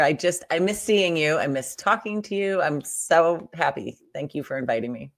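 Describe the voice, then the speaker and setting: An American woman, a guest on an interview podcast, talking in an upbeat, chatty way with quick restarts. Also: low-pitched, no room sound. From United States. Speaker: guest, Profit First guide. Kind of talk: casual interview chat.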